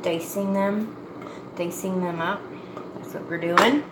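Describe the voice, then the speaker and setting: Cooking in her echoey home kitchen amid the clatter of pots and dishes, a woman from Nova Scotia, Canada, chats for her vlog. Her lowish voice is fairly even and slow, and her talk is rambling, folksy and self-deprecating.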